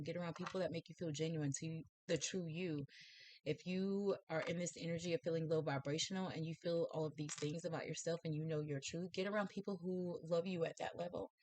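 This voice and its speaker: A woman's voice: low-pitched, no echo. A woman giving a casual tarot and spiritual reading to camera, earnest and encouraging, with many fillers and restarts. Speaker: tarot reader and psychic.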